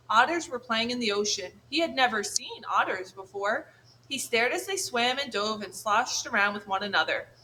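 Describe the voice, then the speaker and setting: A woman reads a children's storybook aloud, clear and measured. Her voice is bright and sits a little high, with a faint hiss underneath. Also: rough recording. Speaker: audiobook narrator. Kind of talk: scripted audiobook narration.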